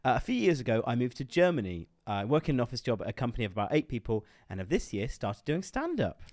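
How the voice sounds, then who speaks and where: A man co-hosting a podcast, reading out a listener's letter in a measured way, with frequent "uh"s. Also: mid-range voice, big pitch swings, darkish tone, dry recording, studio quality. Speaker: podcast co-host.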